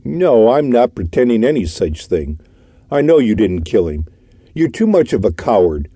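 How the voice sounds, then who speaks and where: A man's voice: lowish voice, animated, moderate pace, mellow, breathy edge, no echo. A man voicing a stern, suave detective who speaks in a commanding, contemptuous way in an audiobook.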